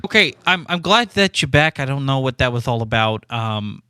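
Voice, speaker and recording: A man's voice: medium pitch, expressive, normal speed, pushed and bright, smooth, no room sound. A man playing a tabletop role-playing game, talking in character in an earnest, rambling way. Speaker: player.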